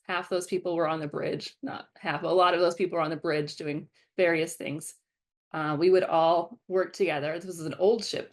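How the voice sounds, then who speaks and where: A woman in her twenties from the American Midwest, giving a guest lecture and telling stories from her working life. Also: on the low side. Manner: storytelling, animated quoting of past self. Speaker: guest speaker. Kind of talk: lecture talk.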